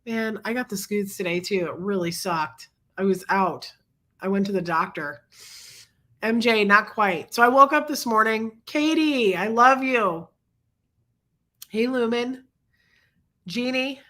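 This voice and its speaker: A woman's voice: expressive, measured pace, long pauses, bright, forceful tone. A sick, congested woman hosting a casual livestream, chatting and greeting viewers by name between coughs. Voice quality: low husky sick voice. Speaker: livestream host.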